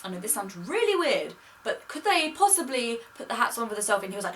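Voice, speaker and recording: A woman's voice: medium pitch, expressive, quick pace, few pauses, fairly bright tone. A young woman telling a story in a chatty, gushing way, recorded as a casual vlog. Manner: chatty, gushing, quotes people in her own voice. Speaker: vlogger. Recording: distant mic with faint noise.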